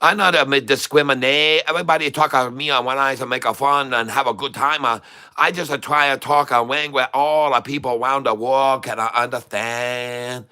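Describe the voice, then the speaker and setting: A man voicing a jokey male trader who speaks halting broken English with dropped words and many fillers, as a comic put-on while trading live. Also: mid-range voice, fairly even intonation, sharp tone, clear, resonant tone, lightly acted. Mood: playful.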